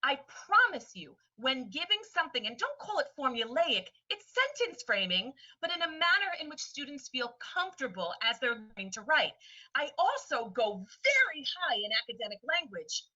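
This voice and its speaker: Animated woman teacher, distant lo-fi sound. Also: sits high, moderate pace. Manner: animated, acts out voices of students and friends. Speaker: teacher presenting a webinar. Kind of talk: webinar lesson.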